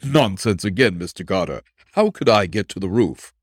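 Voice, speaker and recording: A man's voice: lowish voice, animated, normal speed, no echo, studio quality. A man voicing a nervous male suspect who protests his innocence in a raised, exclamatory way. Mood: indignant.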